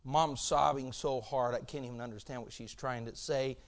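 A middle-aged man preaching a sermon as pastor, swinging between loud shouting and hushed storytelling, and acting out the voices he quotes. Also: mid-range voice, steady tone, moderate pace.

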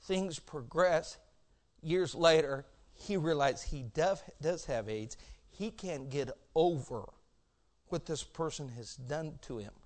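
A middle-aged pastor preaches a sermon at a slow pace in a somewhat high voice. He swings between loud shouting and hushed storytelling, acting out the voices of the people he quotes.

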